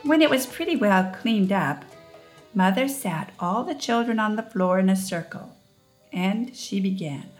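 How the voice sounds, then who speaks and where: Slow, gentle woman storyteller. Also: medium pitch, expressive, soft background music. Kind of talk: storybook narration.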